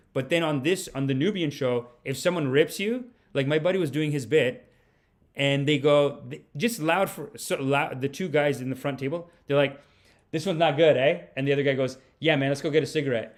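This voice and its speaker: A man, a comedian hosting a podcast, telling rambling, animated stories. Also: on the high side. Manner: animated, rambling, laughs mid-story. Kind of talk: casual storytelling.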